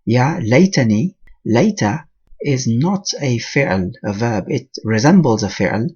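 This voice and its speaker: A man's voice: medium pitch, big pitch swings, slow, darkish tone, slightly rough, dull audio. A man teaching a Quran lesson, reciting Arabic verses and explaining them word by word.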